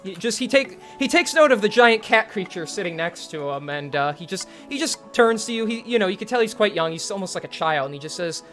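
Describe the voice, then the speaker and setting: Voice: medium pitch, expressive, fairly quick, hardly any pauses, fairly bright tone, faint music behind. A game master narrating a tabletop game in a casual, hesitant way with many fillers. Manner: chatty, hesitant, laughs a lot.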